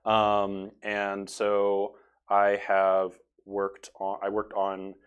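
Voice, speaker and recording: A man's voice: fairly low pitch, monotone, very slow, smooth, dull audio. Joking man co-hosting a stream. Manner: joking, self-deprecating, rambling. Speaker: studio production coordinator, co-host. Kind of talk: casual live-stream chat.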